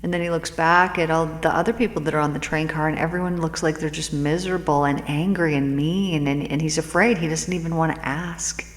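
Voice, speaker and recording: Woman host telling a parable, kinda low voice, rambly and casual, echoey room. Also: fairly even intonation, fairly quick, hardly any pauses. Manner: casual, meandering, with fillers and repeats. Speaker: host and spiritual teacher. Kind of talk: storytelling a parable. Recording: echoey room with long reverb.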